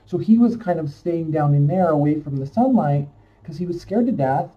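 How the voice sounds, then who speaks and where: A man's voice: on the high side, expressive, moderate pace, recorded from a distance. A man telling a personal story in a casual, emotional, rambling way, full of fillers. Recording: dull lo-fi sound from off-mic.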